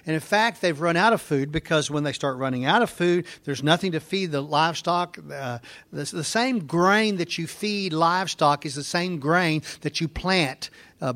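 A man's voice: fairly high pitch, a bit bright. A man teaching a conversational Bible lesson, explaining in an informal way with fillers and restarts.

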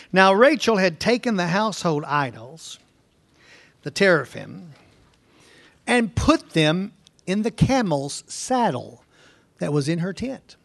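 A man with a noticeably high voice teaches through a scripture passage verse by verse. His delivery is conversational, and he keeps turning to the congregation with rhetorical questions. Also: creaky. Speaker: preacher.

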